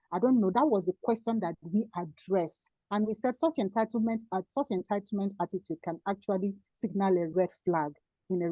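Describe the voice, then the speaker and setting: A woman's voice: medium pitch, warm tone, no room sound, highs cut off. A woman making emphatic points as a panelist summing up an online panel discussion over a video call. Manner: emphatic, explaining and repeating points.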